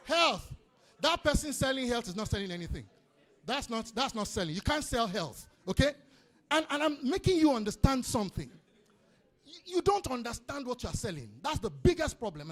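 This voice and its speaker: A man with a Nigerian accent giving an energetic business seminar talk, calling out to the audience and repeating his points. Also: very high voice. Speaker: business speaker. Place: conference hall before an audience.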